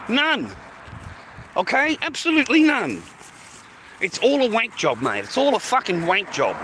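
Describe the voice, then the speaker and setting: A swearing Australian man in his fifties, ranting in a fairly high voice on a phone livestream. Street traffic and outdoor noise are loud behind him. He is blunt and repetitive and keeps calling the listener mate. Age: 50s.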